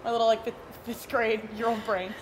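A woman's voice: fairly high pitch, flat delivery, a little fast, a little hiss or hum. A woman co-hosting a podcast, telling rambling stories in casual chat and filling them with "like". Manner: rambling storyteller, heavy use of "like". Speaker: podcast co-host.

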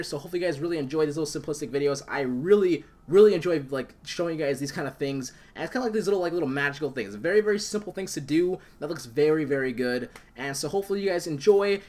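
A young man talks quickly through a casual software tutorial, his voice sitting a little high. He rambles with enthusiasm, piling up fillers and restarting his sentences as he works. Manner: rambling, enthusiastic, many fillers and self-corrections. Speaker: tutorial host.

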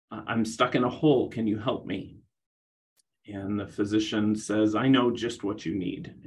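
A middle-aged man giving a conference presentation on rehabilitation, talking in a halting way with many restarts. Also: fairly low pitch, rough recording. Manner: hesitant, many restarts and fillers.

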